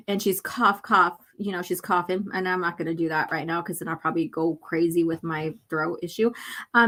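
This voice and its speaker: A woman hosting a casual livestream and reading a comic aloud, rambling with many fillers and often clearing her irritated throat. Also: medium pitch, steady tone, moderate pace, fairly bright tone.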